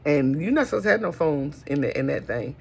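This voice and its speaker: Gravelly middle-aged woman chatting. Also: low voice, animated, fairly quick, darkish tone. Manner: chatty, folksy, calls listeners honey. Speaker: host. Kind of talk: casual chat.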